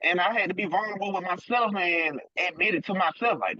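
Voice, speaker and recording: A man's voice: high voice, quick pace, sharp tone, dull audio. A man co-hosting a podcast, talking earnestly and informally about his own flaws and saying "man" often. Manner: earnest, informal, says "man" and "bro" a lot. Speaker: podcast co-host. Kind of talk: casual heartfelt chat.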